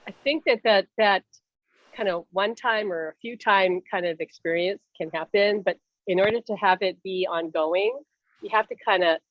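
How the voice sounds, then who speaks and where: A woman's voice: medium pitch, normal speed, dry recording, lo-fi sound. A woman hosting a casual chat about spirit contact, telling stories animatedly and laughing often. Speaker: host, spiritual medium. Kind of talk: casual video-call chat.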